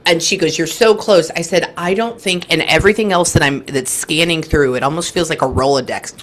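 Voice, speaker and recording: A woman's voice: sits low, fairly quick. A woman in her thirties, a guest medium, telling a reading story and acting out the remembered dialogue of both people. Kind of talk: animated storytelling in conversation.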